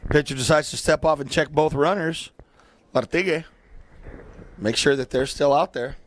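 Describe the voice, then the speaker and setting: A man doing play-by-play for a local baseball game, chatty and joking between pitches. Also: normal speed. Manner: joking, chatty, breaks into silly asides. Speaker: play-by-play announcer.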